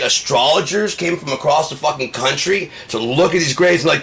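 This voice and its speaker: A man's voice: medium pitch, quick pace, hardly any pauses, pushed and bright. A man delivering a sarcastic, profane comedic rant.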